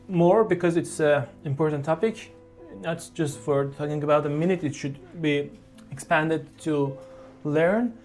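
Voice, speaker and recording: Slow, halting piano teacher. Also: mid-range voice, darkish tone. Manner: slow, halting explanation with fillers and restarts. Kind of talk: online piano tutorial.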